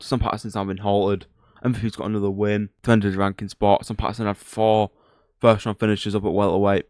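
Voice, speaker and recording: A young man with a Northern English accent rattles through his opinions at a quick clip, blunt and slangy. His voice sits fairly low. The sound is dry and close, with no room around it. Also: darkish tone, no room sound. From Northern England. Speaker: MMA commentator. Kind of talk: casual recap chat.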